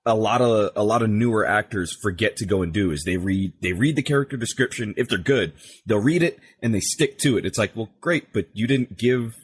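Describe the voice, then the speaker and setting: A man's voice: lowish voice, brisk, a little hiss or hum. A man who works as a voice actor, chatting casually as a podcast guest and acting out quotes as he explains. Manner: animated, acts out quotes while explaining.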